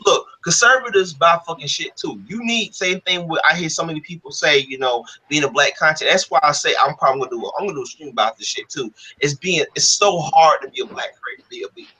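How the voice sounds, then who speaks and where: A man who talks fast and a little high, ranting heatedly in a casual podcast chat. His voice is bright and forceful, he swears constantly, and he acts out whole arguments with people he disagrees with. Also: husky, low-quality recording. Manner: profane, fired-up, quotes others in mock exchanges. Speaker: comic book creator and podcast host.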